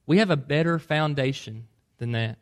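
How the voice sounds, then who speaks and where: A man's voice: fairly high pitch, normal speed. A man preaching a sermon, earnest and emphatic, pressing hard on key points. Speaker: pastor.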